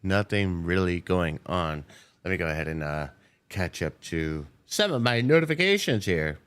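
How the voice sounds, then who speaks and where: A man's voice: low voice, lively intonation, moderate pace, fairly bright tone, clear, resonant tone. A man hosting a live day-trading stream, chatting casually with viewers in a loose, playful way and swearing freely. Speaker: day-trading livestream host. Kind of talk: casual live market commentary.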